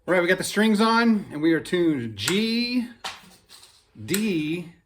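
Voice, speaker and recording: A man with a relaxed, folksy, enthusiastic manner, chatting casually through a workshop demo of a guitar he built. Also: high voice, takes it slowly, a little hiss or hum. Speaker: cigar box guitar builder. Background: guitar playing.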